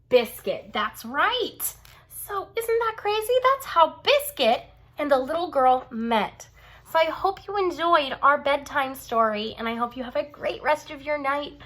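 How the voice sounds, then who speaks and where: A woman's voice: high voice, very animated. A young woman teacher reading a bedtime story aloud to children, stopping to ask them questions. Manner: warm, slow, asks children questions.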